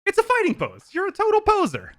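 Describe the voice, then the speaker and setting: A man's voice: extremely high pitch, huge pitch swings, fast, fairly bright tone, voice pushed up, full character voice. A man playing a teasing young Russian woman spy with a put-on Russian accent, rambling and mocking. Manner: rambling, mocking, fumbling for words.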